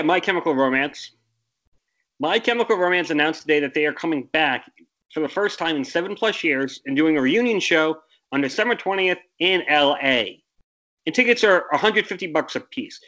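A man's voice: on the high side, pushed and bright. A young American man co-hosting a casual sports podcast, rambling and correcting himself, with exasperated rants. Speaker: podcast co-host.

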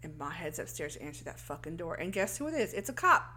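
A woman's voice: lowish voice, fast talker. Woman casually recapping, faint hum. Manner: animated storytelling, acts out lines of characters. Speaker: podcast co-host recapping a film. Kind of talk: casual chat.

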